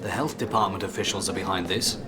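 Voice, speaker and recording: A man's voice: low voice, fast talker, close to an everyday voice. A man playing a bystander in a waiting crowd in a documentary reenactment. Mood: urgent.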